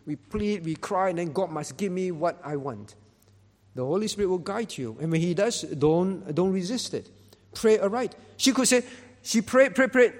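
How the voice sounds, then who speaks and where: Emphatic high-voiced male pastor preaching. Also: expressive, moderate pace, long pauses, long reverb tail. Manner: emphatic, rising to loud stresses; repeats words while building a point. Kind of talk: sermon.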